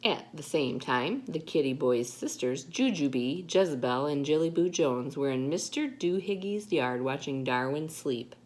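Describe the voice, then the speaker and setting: A woman teacher reading a picture book aloud to preschoolers, animated and playful. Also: low voice, moderate pace, hardly any pauses. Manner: animated, acts out character voices. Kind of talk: children's storybook read-aloud.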